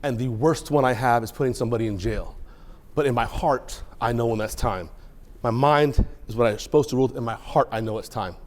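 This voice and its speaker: A judge with a mid-range voice talks a little fast as he tells students an emotional story in a courtroom. He swings from quiet and choked up to loud and excited.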